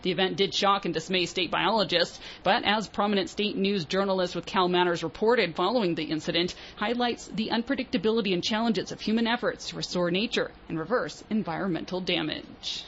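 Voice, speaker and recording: A woman news reader with a lower voice reads a local radio bulletin in a steady, measured style. The broadcast sound is slightly dull, with faint room ambience behind her. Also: slight background noise. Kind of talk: scripted news reading.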